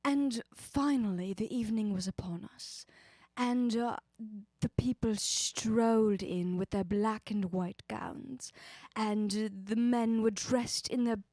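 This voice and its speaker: A woman voicing an elegant magician in a put-on posh English accent, narrating in a hushed, stately way. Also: fairly high pitch, takes it slowly, no room sound.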